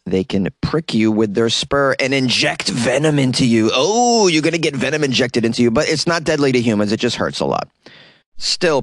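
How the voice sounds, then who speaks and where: A man's voice: medium pitch, no room sound. A man hosting a comedy news podcast, reading and commenting with sarcastic asides and frequent laughter. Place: small closet.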